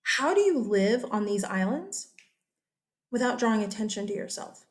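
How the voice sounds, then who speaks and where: A woman's voice: fairly high pitch, sing-song, moderate pace. A woman teacher giving a casual, chatty history lecture over slides. She often checks in with her listeners.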